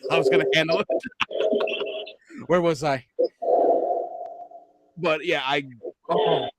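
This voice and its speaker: A man's voice: on the high side, fairly even intonation, slow, a bit bright, slight background noise. A man on a podcast, chatting casually and sheepishly, laughing often as he tells a story. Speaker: podcast co-host. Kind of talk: casual chat.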